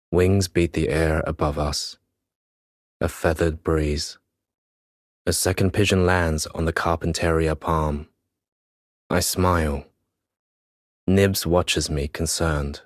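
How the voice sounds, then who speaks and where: A man narrating a first-person audiobook in a measured, unhurried way. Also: very deep voice, fairly even intonation, no echo, clean studio sound.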